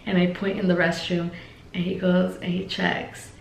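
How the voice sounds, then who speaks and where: A young woman vlogger telling a personal story in a loose, chatty way, peppering it with fillers and calling her viewers "guys". Her voice is low-pitched with a gravelly fry, and the room around her rings with echo. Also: monotone, normal speed, a little hiss or hum. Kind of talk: casual storytime vlog. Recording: echoey room.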